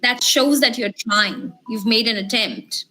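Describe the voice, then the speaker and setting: A woman's voice: fairly high pitch, measured pace, sharp tone, soft background music. A woman leading an online workshop, encouraging the group and asking them questions. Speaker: communication skills trainer. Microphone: video call.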